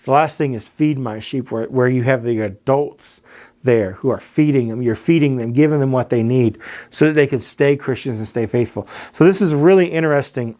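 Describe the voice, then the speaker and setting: A youth pastor with a Southern American accent talks through a Bible passage like a chat with teenagers. He speaks at a middle pitch, loose and informal, and stumbles and restarts as he thinks aloud. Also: moderate pace, mellow. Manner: conversational, many restarts and repeated words. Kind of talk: casual Bible teaching.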